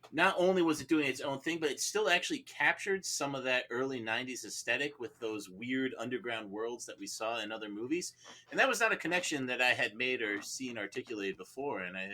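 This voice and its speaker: Lively bright man leading discussion. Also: medium pitch. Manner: animated, laughing asides. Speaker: podcast juror acting as foreman. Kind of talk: casual podcast chat.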